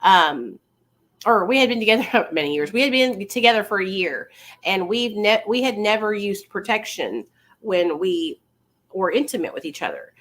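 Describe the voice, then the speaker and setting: A woman's voice: medium pitch, expressive, normal speed, a bit bright. A woman in her thirties, a vlogger casually telling viewers a personal story in a chatty, confiding way.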